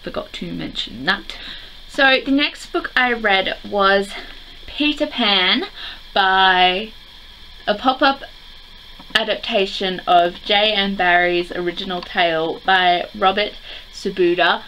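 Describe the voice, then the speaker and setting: Chatty teenage girl with a bright voice. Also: mid-range voice, takes it slowly, slight background noise, poor audio. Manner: rambling and chatty, heavy on "like" fillers. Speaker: book vlogger. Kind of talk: casual chat to camera.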